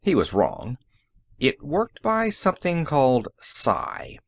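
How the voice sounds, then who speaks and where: A man's voice: mid-range voice, huge pitch swings, slow pace, gravelly, husky, no room sound, clean studio sound, full character voice. A man voicing a cheerful, matter-of-fact inventor. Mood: explaining. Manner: matter-of-fact, explaining patiently. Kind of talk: audiobook character reading.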